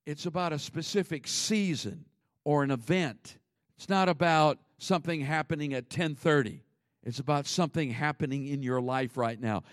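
A man preaching a sermon as pastor, conversational, with sudden swings between loud emphasis and hushed asides. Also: fairly high pitch, moderate pace, dry recording, clean studio sound.

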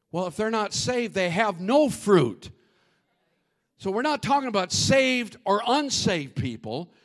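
Animated high-voiced preacher. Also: male voice, measured pace. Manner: animated, humorous, addresses congregation directly. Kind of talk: sermon.

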